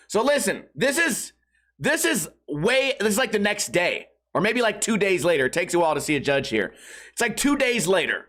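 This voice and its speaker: A man's voice: high voice, sing-song, moderate pace, a bit bright. A man hosting a podcast, rambling through a crude comedic monologue and laughing at his own jokes. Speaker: podcast host.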